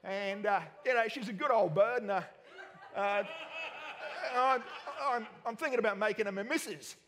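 A man's voice: high voice, normal speed, noisy background, natural voice. A man voicing a laid-back Australian country bloke with a broad Australian accent, drawling and folksy, in a church hall with a long reverb. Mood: easygoing.

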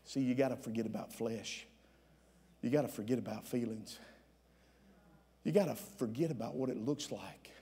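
A man preaching a sermon as pastor, with many "uh" fillers between phrases, rising at times to shouts. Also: mid-range voice, moderate pace, pauses often, long reverb tail. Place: church sanctuary.

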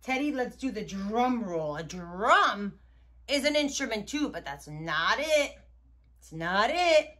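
A young woman hosting a children's learning video, talking slowly in a playful, repetitive, coaxing way as she shows each step. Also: on the high side, sing-song. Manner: sing-song, repetitive, gently coaxing. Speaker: children's educational host. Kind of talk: slow, playful teaching to toddlers.

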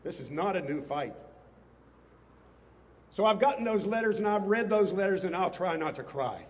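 A man's voice: high-pitched, expressive, normal speed, in a large hall. A man, a state legislator, giving an impassioned speech to a crowd outdoors, rising to emphatic bursts. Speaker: state legislator addressing a rally. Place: outdoors on capitol steps before a crowd.

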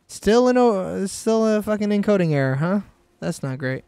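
Male streamer, casual gaming chat, lively up-and-down voice, higher-pitched. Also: moderate pace, vocal fry, clean tone, dry recording. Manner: animated, joking, breaks into silly sing-song noises.

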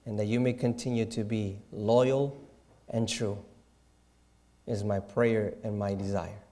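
A man preaching with a slow, unhurried delivery. His voice is dark and mellow, and his tone is reverent, sinking into quiet, hushed asides. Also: fairly low pitch, flat delivery. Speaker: pastor. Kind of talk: sermon.

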